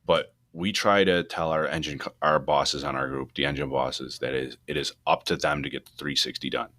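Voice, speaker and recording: A man co-hosting a fire service podcast, talking through a fire video in loose, rambling shop talk with many restarts, rising in pitch when he gets animated. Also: moderate pace. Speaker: podcast co-host, fire truck company boss. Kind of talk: casual shop talk about firefighting.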